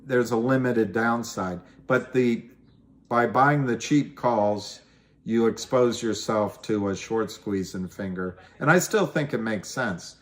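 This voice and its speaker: A middle-aged man hosts a casual livestream about stocks, his voice on the low side and slow. He rambles and pokes fun at himself while talking through trades and answering viewer comments.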